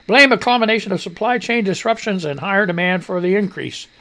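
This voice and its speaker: A man's voice: high-pitched, expressive, a little fast, bright, forceful tone. A man hosting a radio show, reading news items and breaking off into crude, mocking asides. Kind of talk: casual news commentary.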